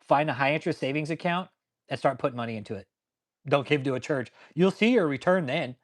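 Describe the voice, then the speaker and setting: A man's voice: a little high, fast talker. Furious, foul-mouthed man ranting. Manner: angry, swears constantly. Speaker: channel host. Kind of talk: profane ranting commentary with live chat replies.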